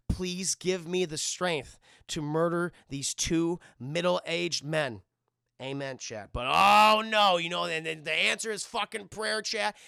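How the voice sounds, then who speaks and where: A man streamer recapping a film casually, profane and excitable, and constantly talking to his chat. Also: on the high side, creaky, no room sound, studio quality.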